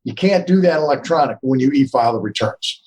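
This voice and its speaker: A man's voice: mid-range voice, lively intonation, fast, darkish tone, a little hiss or hum, poor audio. A man as an interview guest, earnest and explaining things step by step. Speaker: tax expert guest.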